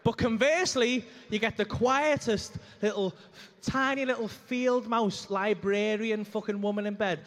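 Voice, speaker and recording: High-voiced crude stand-up comic. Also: male voice, unhurried, few pauses, fairly bright tone. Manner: crude, ranting, acts out moaning voices. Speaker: stand-up comedian. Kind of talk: stand-up comedy routine. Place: comedy club stage.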